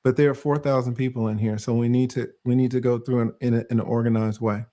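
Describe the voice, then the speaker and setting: A man hosting a legal commentary live stream, calm and measured as he explains himself. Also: mid-range voice.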